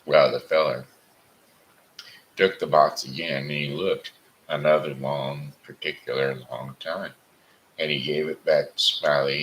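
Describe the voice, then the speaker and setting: A man reading an old story aloud, deliberate and stopping now and then to correct himself. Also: rumbling low, flat delivery, a bit bright, a little hiss or hum, rough recording. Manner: deliberate reading with frequent restarts.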